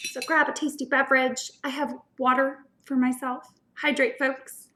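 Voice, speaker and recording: A woman with a high voice hosts a casual livestream eating show. She chats in a bubbly, enthusiastic way. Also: animated, a little slow, hardly any pauses, fairly bright tone. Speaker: host.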